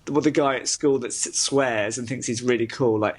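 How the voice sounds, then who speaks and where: A man's voice: mid-range voice, steady tone, a little fast, few pauses, a bit bright. A man from the UK who is an actor guest in a casual interview, chatty and self-deprecating, often laughing through his stories.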